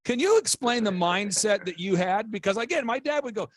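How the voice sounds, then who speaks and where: A man's voice: high voice, fairly quick, few pauses, no room sound. A man hosting an interview, eagerly telling childhood stories and acting out his dad's voice. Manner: animated storyteller, acts out his dad's voice. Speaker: podcast host. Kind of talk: excited interview chat.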